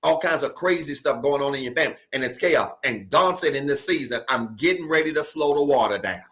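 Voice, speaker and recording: Man, pastor, sermon, bright voice, call-and-response, hollering. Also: medium pitch, brisk. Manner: preaching with call-and-response questions, building to shouts. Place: church stage.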